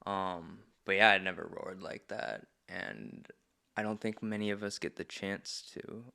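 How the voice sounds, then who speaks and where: A man's voice: sits low, sing-song, measured pace, creaky, bright, forceful tone. A man who facilitates men's groups, speaking as a podcast guest in an earnest, reflective way. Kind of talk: reflective conversation.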